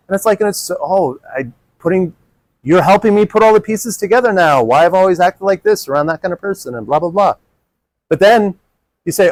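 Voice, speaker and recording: A man with a fairly high voice gives a live workshop talk and moves through a wide, lively pitch range. He jumps into higher voices when he acts out his inner child. The sound is close and dry. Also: quick pace, dry recording, poor audio. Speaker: workshop speaker.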